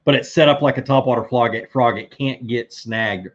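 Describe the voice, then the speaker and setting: A man's voice: mid-range voice, normal speed, highs cut off. A middle-aged man hosting a live fishing stream, chatting casually and answering viewer questions with many fillers and restarts. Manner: rambling, relaxed, lots of fillers and restarts. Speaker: fishing livestream host.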